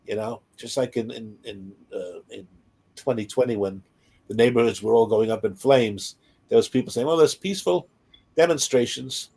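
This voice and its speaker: A man's voice: lowish voice, steady tone, moderate pace, warm tone, husky. A man talking casually in a Bible study discussion, with many fillers and asides.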